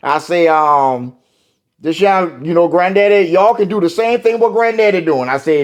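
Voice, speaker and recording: Folksy older man, lively pitch. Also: normal speed. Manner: rambling, folksy, many fillers. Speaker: singer; interviewee. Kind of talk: interview.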